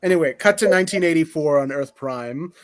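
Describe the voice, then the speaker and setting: A man co-hosts a casual podcast and recaps a comic story. His voice is a little high, and the sound is dry and close. He rambles with lots of fillers and keeps breaking into laughs. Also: a little fast, dry recording. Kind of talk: casual chat.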